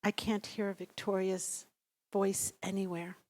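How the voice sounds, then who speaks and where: A woman voicing her young daughter as a frightened little girl, soft and pleading. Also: mid-range voice, level tone, a little slow, lightly acted. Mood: soft, scared. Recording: long reverb of a large hall.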